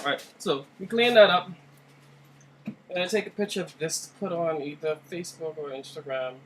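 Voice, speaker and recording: A man's voice: a little high, brisk, fairly bright tone, slight background noise, poor audio. A man casually talking through a cooking vlog in his home kitchen, joking and playful and speaking straight to the viewer. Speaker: cooking vlogger.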